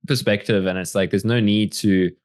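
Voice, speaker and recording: A man's voice: lowish voice, fairly even intonation, normal speed, no echo, studio quality. A man as the guest in a casual interview, talking reflectively and animatedly with many fillers.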